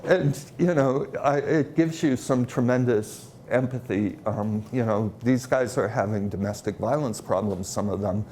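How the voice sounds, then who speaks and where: A man presenting at a conference, telling stories in a halting way with many fillers. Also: medium pitch, darkish tone, slight background noise. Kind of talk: conference talk.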